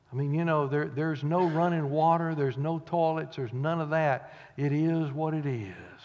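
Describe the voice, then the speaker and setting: A man preaching a sermon, telling the story dramatically, rising to loud cries and dropping to hushed whispers. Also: fairly high pitch, moderate pace, hardly any pauses, in a large hall, muffled recording.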